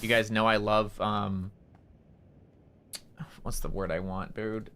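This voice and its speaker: A man's voice: on the low side, level tone, slow pace, pauses often, sharp tone. A man streaming a game, chatting casually in a rambling, candid way and swearing freely. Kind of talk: casual chat while gaming.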